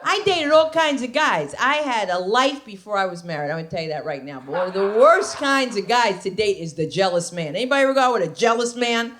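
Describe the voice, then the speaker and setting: A woman's voice: mid-range voice, expressive, a little fast, hardly any pauses, a bit bright, a little hiss or hum. A woman comedian performing a stand-up set on a comedy club stage, sassy and conversational with punchy delivery.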